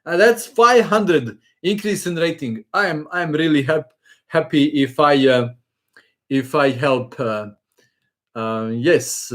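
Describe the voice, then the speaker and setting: A man who is not a native English speaker hosts a chess live stream, reading viewer comments aloud with many fillers and small chuckles. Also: mid-range voice. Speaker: chess channel host.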